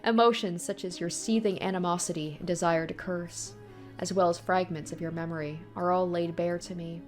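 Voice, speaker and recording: A woman reading aloud the lines of a mysterious female witch in a visual novel, calm and faintly mocking. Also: lowish voice, fairly quick, faint music behind, lightly acted. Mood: cool, mocking.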